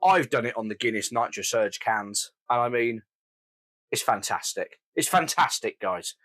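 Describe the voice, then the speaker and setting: A man's voice: medium pitch, lively intonation, normal speed, a bit bright. A man doing a casual beer review, talking with gushing enthusiasm.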